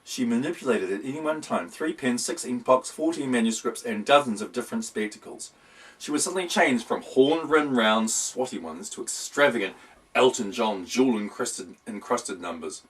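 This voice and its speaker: A man's voice: mid-range voice, lively intonation, normal speed. Man, storybook narration, wry and playful, recorded from a distance. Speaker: audiobook reader. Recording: voice distant from the mic.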